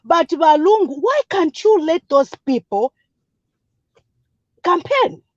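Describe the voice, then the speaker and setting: A woman's voice: very high-pitched, very animated, takes it slowly, no echo. A woman calling in with emphatic, repetitive political comments, switching between languages. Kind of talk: impassioned political call-in comment. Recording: dull, dry lo-fi line.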